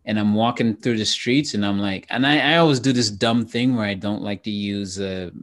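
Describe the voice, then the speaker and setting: Laughing storyteller from Trinidad. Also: male voice, on the low side, normal speed. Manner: animated storyteller, laughs often. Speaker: comedian and actor, guest. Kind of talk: casual chat.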